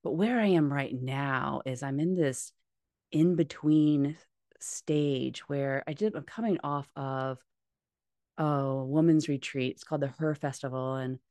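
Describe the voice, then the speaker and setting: A woman's voice: extremely low pitch, measured pace, a little mellow, no room sound, clean studio sound. A woman talking as a podcast guest, candid and heartfelt, swearing casually. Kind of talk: candid conversational interview.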